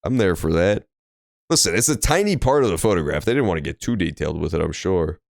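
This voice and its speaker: Young guy streaming a game, low voice that bounces around a lot, crude jokes, dry mic with faint music. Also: expressive, fast talker, gravelly, darkish tone, no room sound. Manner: crude, jokey, rambling. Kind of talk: casual let's-play commentary.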